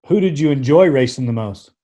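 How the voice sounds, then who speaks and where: A man hosting a podcast interview, easygoing, with stammered restarts and soft chuckles. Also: medium pitch, animated, brisk, muffled recording. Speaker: podcast host. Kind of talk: casual interview.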